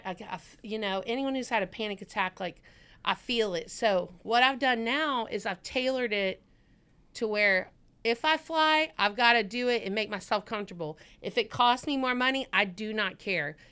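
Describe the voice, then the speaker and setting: A woman's voice: medium pitch, bright, forceful tone, clear, resonant tone. A woman from Mississippi, a podcast guest chatting casually and acting out her own quotes as she tells stories. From Mississippi, USA.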